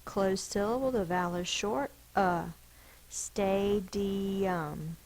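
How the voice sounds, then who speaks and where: A woman's voice: medium pitch, measured pace, poor audio. A woman teacher giving a spelling lesson to children, sounding out letters and syllables one by one.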